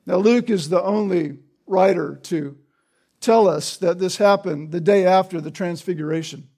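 A man's voice: high-pitched, normal speed, a little mellow. A man preaching an expository sermon, explaining the text and often checking in with the listeners through tag questions.

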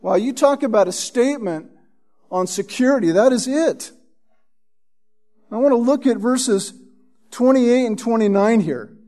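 Emphatic high-pitched male preacher. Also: lively intonation, a little slow, long pauses, warm tone. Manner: emphatic, repeats "Right?" to the listeners. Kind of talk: expository sermon.

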